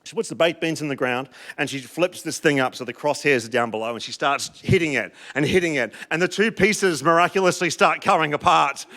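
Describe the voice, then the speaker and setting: A middle-aged Australian man preaching in church, his voice sitting a little high for a man. He tells his stories with open emotion, dropping soft and low for earnest points and surging up loud and excited for the funny parts. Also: a little fast, hardly any pauses. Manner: animated, emotional storytelling with big swings in loudness. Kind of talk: sermon with a personal story.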